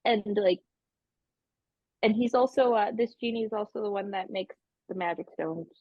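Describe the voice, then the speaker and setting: A woman playing a tabletop game, rambling about her character's situation in a husky voice. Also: medium pitch, dry recording, dull audio. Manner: rushed, rambling. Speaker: player. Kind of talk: casual tabletop game play.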